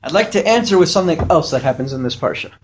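A man's voice: fairly high pitch, animated, rapid-fire, a little hiss or hum. A man teaching a Torah lesson to yeshiva students. He reads Hebrew verses aloud, translates them, and asks questions before answering them.

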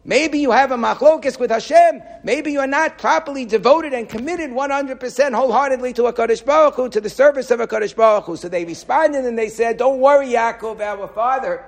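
A man giving an animated Torah class, quoting Hebrew and often repeating words as he thinks. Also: very high-pitched, fairly quick, gravelly, few pauses.

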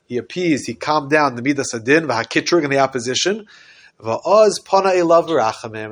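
Animated man teaching a Torah class. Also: fairly high pitch. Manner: animated, acts out quoted dialogue.

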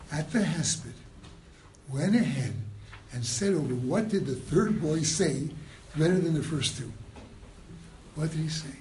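A man giving a mussar sermon, moving from hushed storytelling to loud rhetorical questions, with Hebrew and Yiddish terms mixed in. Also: a little high, slight background noise, poor audio. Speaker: rabbi giving a mussar talk.

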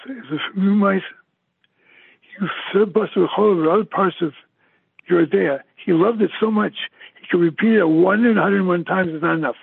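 Older man, eulogy, emphatic and repetitive, very husky voice, dry tinny recording. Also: high voice, brisk, dry recording. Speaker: eulogy speaker. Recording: tinny phone-like, dry sound.

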